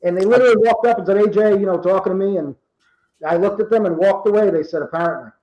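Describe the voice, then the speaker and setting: Man, fifties, from Rhode Island, animated storyteller, muffled lo-fi sound. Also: high-pitched, fast, reverberant. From Rhode Island, USA. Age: 50s. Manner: animated storyteller acting out quoted dialogue. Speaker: guest. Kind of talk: casual storytelling.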